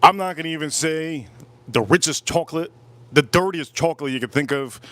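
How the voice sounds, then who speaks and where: Male livestream reviewer, casual and enthusiastic, repeats himself, slightly higher voice. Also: a little fast, fairly bright tone, dry recording. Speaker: livestream cigar and whiskey reviewer.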